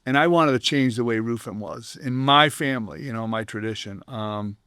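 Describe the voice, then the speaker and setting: Recorded cleanly in studio quality without echo, an older Boston-area roofing business owner speaks at a moderate pace in a mid-range voice. As an interview guest, he tells casual, lively stories and performs the voices of the people he's quoting.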